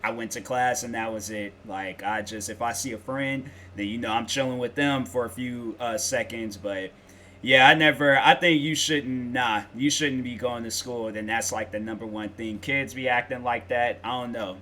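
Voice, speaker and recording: A young man riffs through a reaction video in laid-back slang, full of fillers and side stories. His voice is bright and forceful, at an average pitch for a man. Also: fairly even intonation, moderate pace, a little hiss or hum. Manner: slangy, rambling storytelling with fillers. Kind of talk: casual reaction commentary.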